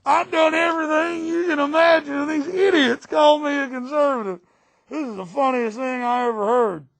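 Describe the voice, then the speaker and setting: A man's voice: extremely high pitch, fairly even intonation, normal speed, vocal fry, a bit bright, dry recording, heavily acted. A man voicing a smug, boastful mock Texan politician in a put-on Texan drawl, mocking and cackling. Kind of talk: political satire impression.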